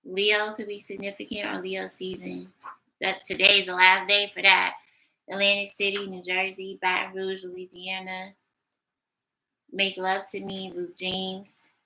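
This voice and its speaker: A woman giving a casual tarot reading, blunt and sassy, talking her thoughts out loud. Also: medium pitch, monotone, a little slow, slight background noise, low-quality recording. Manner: blunt, sassy, thinking aloud. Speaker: tarot reader.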